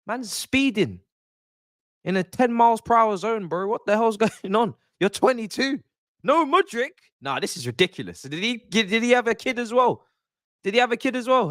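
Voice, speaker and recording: Guy on a live stream, fired up and joking, voice all over the place, kinda high, dry close sound. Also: no echo. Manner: animated, exasperated, joking banter. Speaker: football fan streamer. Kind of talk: live-stream pre-match chat.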